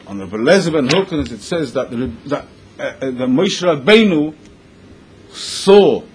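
A man teaching a Talmudic story in English, mixing Hebrew and Yiddish terms into his lively retelling. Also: fairly high pitch, normal speed, noisy background. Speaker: Torah teacher.

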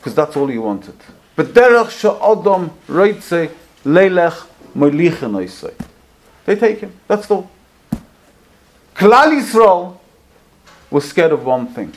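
Guy preaching a story, gets quiet then loud and emotional, normal pitch. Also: very animated, measured pace. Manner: emotive storyteller, swings between hushed and loud. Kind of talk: storytelling sermon.

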